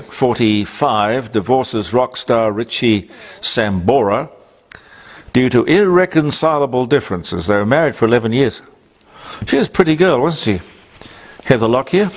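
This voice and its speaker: Gravelly older man hosting chatty radio. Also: medium pitch. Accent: Australian. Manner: chatty, rambling asides with fillers. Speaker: radio talk host. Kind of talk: casual on-this-day segment.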